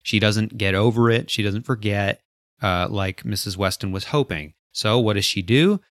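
A man co-hosting a casual book discussion, retelling scenes in an animated way and acting out the characters' lines. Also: fairly low pitch, normal speed, no room sound, studio quality. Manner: animated storyteller, acts out quotes. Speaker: podcast co-host.

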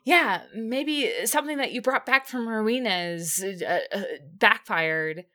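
A woman's voice: fairly high pitch, a little slow, sharp tone. A woman co-hosting a casual podcast who laughs often, gushes and stumbles over her words. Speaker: podcast co-host. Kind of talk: casual chat, episode recap.

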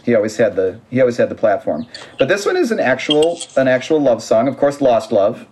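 A man co-hosting a casual music podcast with friendly, meandering talk. He often backs up mid-sentence to restart a thought and breaks into laughs along the way. His voice sits at an ordinary middle pitch. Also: very animated, fairly quick, darkish tone, a little hiss or hum. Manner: rambling, self-correcting, laughs often. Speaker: podcast co-host.

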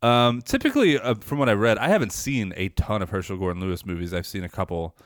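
Low-voiced man, casual podcast chat. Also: lively intonation, quick pace, no room sound, studio quality. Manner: rambling, swears a lot, many restarts. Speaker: podcast co-host.

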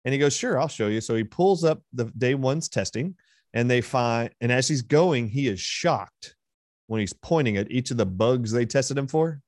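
A man's voice: mid-range voice, normal speed, a little mellow, dry recording, clean studio sound. A man being interviewed as a guest, retelling a heated exchange with force and emphasis. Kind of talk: interview storytelling.

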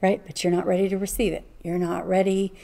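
A woman's voice: on the low side, level tone, fast, creaky, mellow. A woman co-hosting a casual Bible study chat, heartfelt and emphatic.

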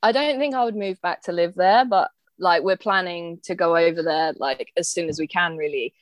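A woman's voice: on the low side, normal speed, no room sound. Woman, slight australian twang, casual sweary chat, dry close sound. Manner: sweary, laughing, blunt.

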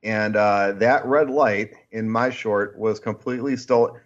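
Animated man telling a film story. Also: lowish voice, a little slow, dull audio. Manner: lively storyteller, swears casually. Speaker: podcast co-host and film reviewer. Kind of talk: casual chat.

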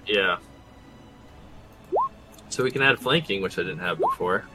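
A man's voice: low-pitched, measured pace, over music. A man playing in a tabletop game, joking around with the table. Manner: joking, animated. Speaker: player. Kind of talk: casual tabletop play.

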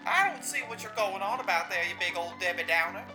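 A man playing a cheery showman in a put-on accent, high and bouncy, feigning innocence. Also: big pitch swings, normal speed, music in the background, low-quality recording. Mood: chirpy.

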